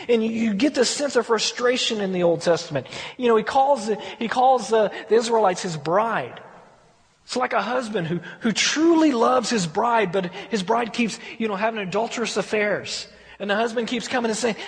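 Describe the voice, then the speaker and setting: A man's voice: high voice, normal speed, long reverb tail. A man giving a conversational verse-by-verse Bible study, often repeating words as he thinks. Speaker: Bible teacher.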